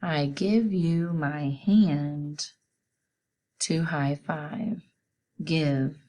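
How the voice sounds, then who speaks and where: Slow, patient woman teaching spelling. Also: low-pitched, warm tone. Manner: slow, patient, sounds out letters one by one. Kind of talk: spelling lesson for children.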